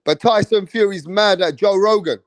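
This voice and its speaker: Man, live-stream host, high voice, hyped, profane, slangy, dry close sound. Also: normal speed, dry recording. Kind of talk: casual live-stream chat with viewers.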